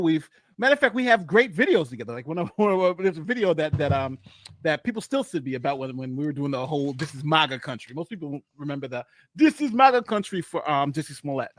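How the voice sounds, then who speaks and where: Boastful man with a lively high voice. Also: no room sound. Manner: boastful, rambling, repeats himself. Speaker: co-host. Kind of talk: casual live-stream commentary.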